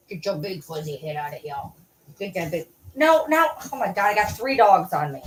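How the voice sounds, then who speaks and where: Woman livestreaming from home, mid-pitched voice, all playful baby talk at her dogs, quick to laugh. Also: expressive, slight background noise. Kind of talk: casual livestream chat.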